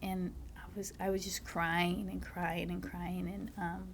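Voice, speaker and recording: A woman, a mother, talking as a podcast guest, soft-spoken and halting, with many fillers and breathy, near-whispered stretches. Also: on the low side, level tone, a little hiss or hum. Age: adult, a mother. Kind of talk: casual conversation, personal storytelling.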